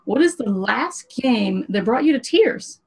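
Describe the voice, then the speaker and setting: A woman's voice: a little high, lively intonation, unhurried, low-quality recording. A woman hosting a gaming livestream panel. She talks to viewers in an earnest, rallying way and swears casually. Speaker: host.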